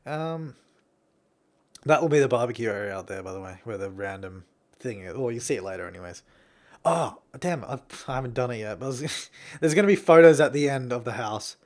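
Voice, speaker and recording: A man's voice: medium pitch, expressive, fairly quick, a little mellow. A young Australian man talking casually over his building gameplay, rambling, chuckling and self-deprecating. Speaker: game builder commentator.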